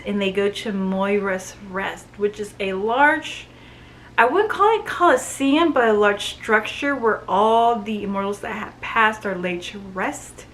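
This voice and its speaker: A woman's voice: mid-range voice, fairly bright tone, slight background noise, rough recording. A woman giving a casual, enthusiastic book review, recapping the plot in a chatty way with frequent "like" and "you know". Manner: chatty and enthusiastic, with many fillers.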